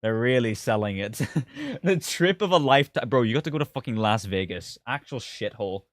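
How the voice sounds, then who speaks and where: A man's voice: medium pitch, animated, a little fast, dry recording, clean studio sound. A man who reviews games, chatting casually on a live stream and reacting to viewer comments with sarcasm, swearing and disbelief. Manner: exasperated, sarcastic, laughing, swearing.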